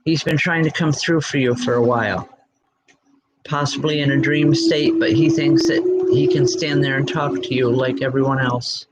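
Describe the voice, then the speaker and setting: Reassuring woman medium over loud noise. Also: very deep voice, steady tone. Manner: reassuring, halting, with frequent ums. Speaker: spiritual medium. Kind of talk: live-streamed psychic reading.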